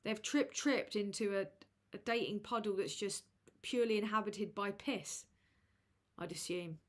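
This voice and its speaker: A woman chats through a loose livestream, reading super chats aloud. She talks slowly at a middling pitch, with a crude, sardonic, roasting manner. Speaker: livestream host.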